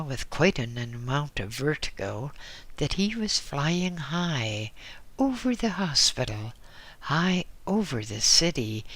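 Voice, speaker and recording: A man reading an audiobook in a slow, measured way, dropping into soft whispers now and then. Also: fairly high pitch, dry recording. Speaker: audiobook reader. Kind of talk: scripted audiobook narration.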